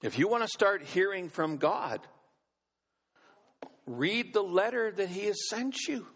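Husky, gravelly-voiced pastor preaching in a hall. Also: male voice, high voice, animated, unhurried, fairly bright tone. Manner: emphatic, asks the congregation questions. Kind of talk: sermon. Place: large church sanctuary. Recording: long reverb of a large hall.

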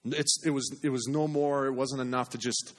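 A man preaching a sermon in an earnest way, repeating phrases for emphasis and dropping to a hush on key points. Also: mid-range voice, fairly even intonation, moderate pace. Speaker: pastor.

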